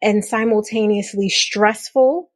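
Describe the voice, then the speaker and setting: An enthusiastic woman hosting a podcast, talking in a casual, animated way with frequent laughter. Her voice is mid-pitched and the sound is dry and close. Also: unhurried, no room sound. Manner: effusive, animated, laughing often. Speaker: podcast host. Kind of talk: casual interview chat.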